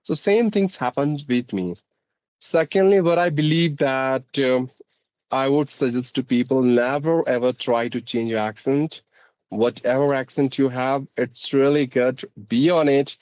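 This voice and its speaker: A man's voice: medium pitch, measured pace, darkish tone, no room sound, muffled recording. A man with an Indian accent who teaches English, hosting a casual speaking-practice conversation in a formal, articulate way.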